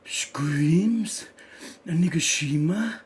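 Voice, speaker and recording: Male manga reactor, unhurried delivery, alternates hype yelling with murmured play-by-play. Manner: swings between loud excited shouting and low muttered reading-along. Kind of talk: live reaction commentary.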